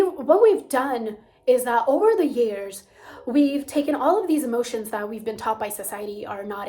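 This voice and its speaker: Brief: young woman coach, soft and hushed, fairly high voice, slow gentle teaching. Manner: soft-spoken, drops to near whispers. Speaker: spiritual coach and channel host.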